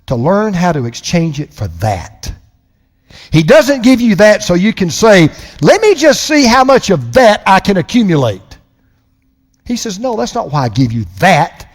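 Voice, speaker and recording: Emphatic older preacher in a reverberant hall. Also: male voice, high-pitched, sing-song. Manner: emphatic preaching, slowing down to stress key lines. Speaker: pastor. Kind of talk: sermon.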